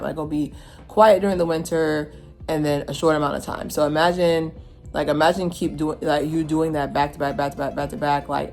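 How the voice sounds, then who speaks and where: Low-voiced woman chatting casually. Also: a little mellow. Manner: rambling, filler-heavy, frequent restarts. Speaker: show reviewer.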